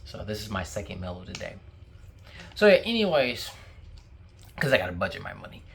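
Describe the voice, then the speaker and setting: A man's voice: deep voice, sing-song, brisk, gravelly, fairly bright tone, slight background noise. A young man vlogging casually to camera, talking while he eats, rambling with many fillers and restarts.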